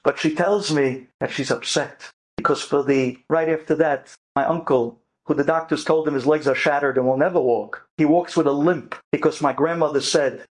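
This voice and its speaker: A man, a rabbi and storyteller, telling a family story in an animated, dramatic way and mixing in Hebrew words. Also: a little high, moderate pace, hardly any pauses, slightly rough. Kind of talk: lively storytelling talk.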